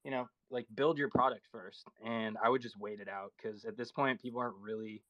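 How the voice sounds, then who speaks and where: A man in a casual online chat, giving relaxed advice with some swearing. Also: medium pitch, brisk, no echo, dull audio. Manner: laid-back, advising, casual swearing.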